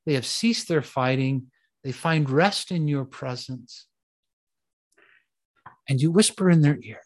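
A male pastor preaching a sermon with a dramatic delivery. He repeats short commands with slow, deliberate emphasis, then lowers his voice to near-hushed tones when he tells a story.

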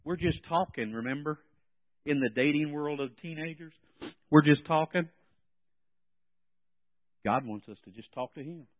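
A man preaching a sermon in an animated way, swinging between soft and loud. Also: a little high, unhurried, long pauses. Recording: tinny phone-like sound.

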